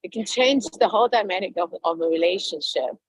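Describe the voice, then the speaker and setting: A woman hosting a casual group chat over a video call, telling stories in an effusive, animated way with lots of fillers. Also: lowish voice, brisk, slightly rough, dry recording, low-quality recording.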